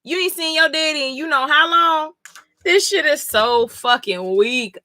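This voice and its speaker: A woman's voice: sits high, expressive, measured pace, pushed and bright, no room sound. A sleepy woman streamer reacting live as she reads a comic, blunt, profane and exasperated. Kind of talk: casual live reading reaction.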